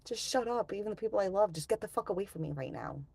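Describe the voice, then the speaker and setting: A woman's voice: mid-range voice, animated, fast, vocal fry, a little mellow, a little hiss or hum. A middle-aged woman chatting casually on a live stream, ranting, sighing and swearing as she talks.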